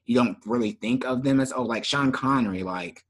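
A man co-hosting a podcast in casual chat, relaxed and often trailing off with fillers. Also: medium pitch, a little fast. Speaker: podcast co-host.

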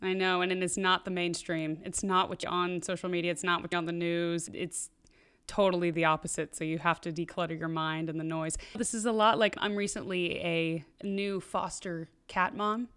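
A woman's voice: fairly low pitch, flat delivery, normal speed, fairly bright tone, clean tone. A woman guest on a casual podcast, talking openly and chattily, working her thoughts out as she speaks. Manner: open, chatty, thinks aloud.

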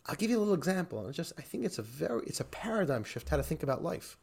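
A man, a rabbi, teaching a class in a lively, animated way, often laughing and repeating phrases for emphasis. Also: fairly high pitch, very fast, gravelly, slightly rough.

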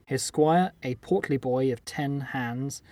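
A man's voice: mid-range voice, takes it slowly, a crowd in the background, lightly acted. A man doing an old Scottish king. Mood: grave, regal. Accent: put-on Scottish. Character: troubled old king making a royal address.

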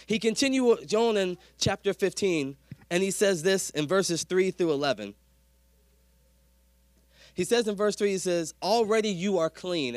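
Lively preaching man, dry close sound. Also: on the high side, dry recording. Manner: lively preaching with call-and-response to the congregation; folksy, says "y'all". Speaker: pastor. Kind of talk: sermon.

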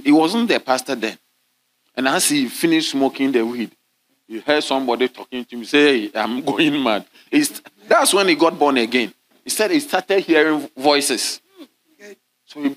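A man's voice: animated, moderate pace. A male bishop preaches a sermon to his congregation in a large church hall. His voice sits a touch above the usual male range, and he calls out and waits for the crowd to answer. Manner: call-and-response preaching, drops to low murmurs at times.

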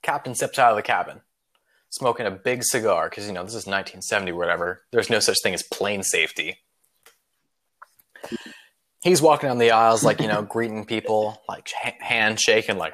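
A man's voice: fairly low pitch, fairly quick, fairly bright tone. A man hosting a podcast, telling a long joke in loose, rambling casual chat with frequent swearing and filler. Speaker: podcast host.

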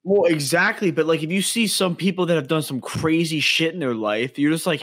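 A man's voice: fairly high pitch, brisk, fairly bright tone, no echo, studio quality. A young man co-hosting a podcast, chatty and often chiming in to agree. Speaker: podcast co-host. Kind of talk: casual podcast chat.

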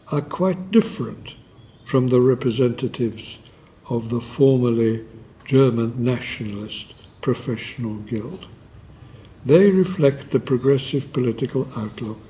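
A man giving a formal memorial lecture, measured and deliberate, with pauses and fillers and a dry scholarly wit. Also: medium pitch, mellow.

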